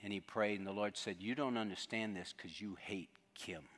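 A man preaching a sermon, telling a story earnestly and dropping to a hushed tone for quoted lines. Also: on the low side, normal speed. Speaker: pastor. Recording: long reverb of a large hall.

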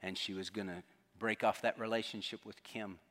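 A man preaching a sermon, telling a story earnestly and dropping to a hushed tone for quoted lines. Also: on the low side, fairly even intonation, normal speed. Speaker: pastor. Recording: long reverb of a large hall.

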